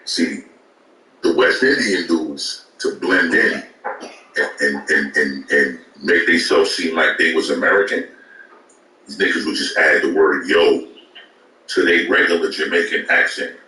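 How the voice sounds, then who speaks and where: Low-voiced New man telling a story. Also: steady tone, unhurried, pushed and bright, echoey room, far from the mic, poor audio. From Brooklyn, New York. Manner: profane, rambling, repeats words at restarts. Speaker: guest rapper. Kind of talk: casual storytelling.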